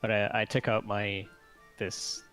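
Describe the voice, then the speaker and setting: A man's voice: lowish voice, flat delivery, measured pace, fairly bright tone, soft background music. A man playing a tabletop game, talking in a casual, laid-back way. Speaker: player.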